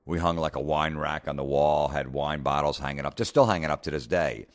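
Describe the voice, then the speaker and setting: A comedian hosting a podcast, telling a blunt, profane story in a casual rant. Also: male voice, rumbling low, brisk.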